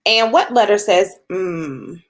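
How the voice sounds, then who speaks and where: A woman with a mid-range, animated voice teaches young children a phonics lesson, patiently sounding out letters slowly. She draws out the sounds and offers encouraging praise.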